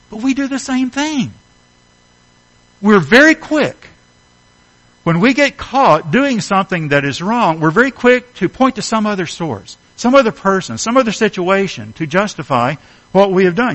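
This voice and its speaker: A man's voice: high-pitched, very animated, a little slow, a bit bright, low-quality recording. A middle-aged man preaching a sermon, earnest and emphatic, asking his listeners rhetorical questions. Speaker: pastor.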